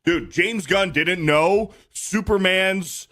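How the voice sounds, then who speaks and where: A man with a very high, bright voice, co-hosting a casual podcast. He rants loudly and swears constantly, now and then rising to a shout. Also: slow. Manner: profane, ranting, shouts when angry. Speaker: podcast co-host.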